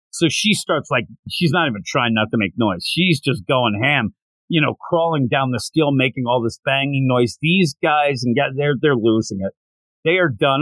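A man hosting a podcast, casually recapping a manga chapter and acting out the characters' lines with lively shifts of pitch. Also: moderate pace, dry recording, low-quality recording. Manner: animated retelling with acted-out quotes. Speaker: podcast host.

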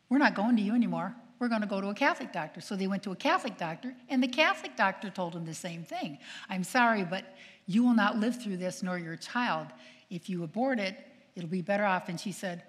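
An older woman, a nun, telling stories to an audience in a lively way, acting out quoted voices and asking her listeners questions. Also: medium pitch. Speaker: nun and speaker. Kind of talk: storytelling talk to an audience. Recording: long hall reverb.

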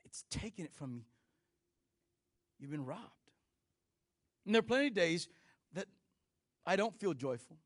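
A middle-aged man preaching a sermon as pastor, conversational and animated, with frequent restarts and playful asides. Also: sits high, a little slow, pauses often, dry recording, clean studio sound.

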